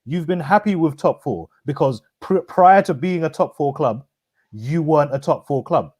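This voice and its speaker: A man's voice: fairly high pitch, expressive, moderate pace, darkish tone, breathy edge. A man arguing his point in a football debate, repeating himself as he pushes on. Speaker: fan panelist.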